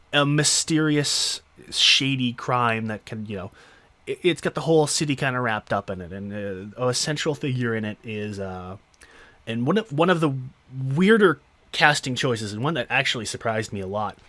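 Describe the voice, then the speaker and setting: A man's voice: mid-range voice, fairly bright tone, dry recording. A man hosting a podcast, giving an unscripted, rambling solo film review with lots of fillers and casual swearing. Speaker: podcast host.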